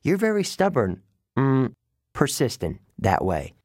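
A man's voice: mid-range voice, huge pitch swings, a little slow, a little mellow, no echo, clean studio sound. A man voicing a nervous teenage satyr boy in an audiobook, with a jittery, worried way of talking.

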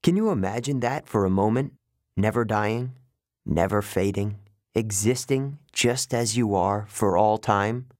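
A wise old centaur teacher, read by a male narrator, speaks in a measured, grave tone. His voice sits low and even in a dry, close audiobook recording. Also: no echo, lightly acted. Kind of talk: audiobook character voice.

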